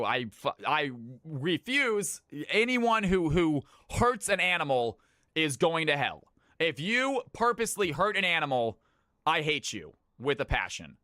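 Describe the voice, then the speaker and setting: A man from California hosting his stream's viewer games, chatting casually with his viewers, brisk and swearing freely. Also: fairly high pitch, bright, forceful tone, no room sound, studio quality. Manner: brisk, swears, talks to chat. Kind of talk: casual live-stream chat.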